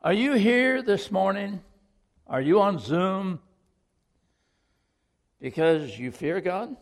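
A pastor preaches slowly and deliberately, his gravelly voice rising and falling with lively swings. He is earnest and questioning and repeats key lines for emphasis. His words carry a long reverb from the church hall. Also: sits high. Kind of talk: sermon.

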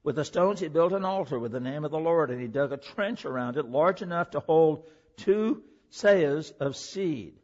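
A male pastor preaching a sermon, reading scripture aloud and explaining it with animated emphasis. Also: a little high, normal speed, highs cut off.

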